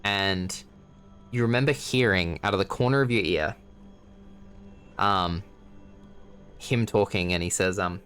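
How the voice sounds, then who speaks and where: A man's voice: low voice, a little slow, long pauses, a bit bright, faint music behind. A man narrating as game master for a tabletop game in a casual, rambling way with lots of fillers.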